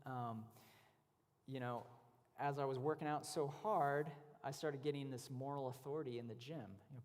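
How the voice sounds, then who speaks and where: A man giving a conversational testimony at a church event, telling stories with many casual fillers. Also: mid-range voice. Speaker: guest speaker. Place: church hall. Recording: long hall reverb.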